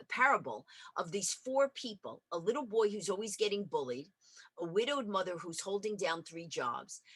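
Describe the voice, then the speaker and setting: Woman guest, energetic storyteller, bright husky voice, dry sound. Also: mid-range voice, no echo. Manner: energetic storyteller, acts out dialogue. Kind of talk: lively interview chat.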